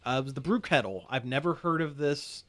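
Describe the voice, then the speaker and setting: A man's voice: mid-range voice, lively intonation, brisk, a bit bright. A man hosting a podcast, chatting casually and rambling with lots of fillers and restarts. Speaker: podcast host. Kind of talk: casual chat.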